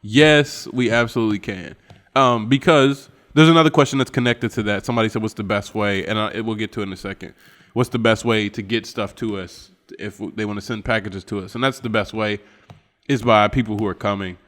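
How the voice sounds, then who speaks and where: A man's voice: fairly low pitch, fairly even intonation, a little fast, a bit bright. Laughing Appalachian man in a reverberant room. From West Virginia. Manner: laughing, rambling, filler-heavy. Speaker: podcast co-host. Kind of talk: casual chat.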